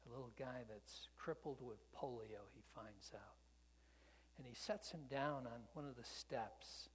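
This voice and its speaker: A man preaching a sermon, telling a story that swells loud and then drops to a whisper. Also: mid-range voice, slightly rough. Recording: long hall reverb.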